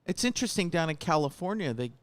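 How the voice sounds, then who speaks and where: A man's voice: a little high, big pitch swings, fast talker. A man guest hosting a live radio show, chatty and jokey, chiming in often. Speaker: guest host. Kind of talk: casual radio chat.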